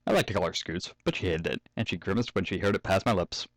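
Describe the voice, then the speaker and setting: A young man with a deep voice talks fast as he reads a fan story aloud at home, repeatedly breaking off for jokes, swearing and laughter. The recording is dry and rough.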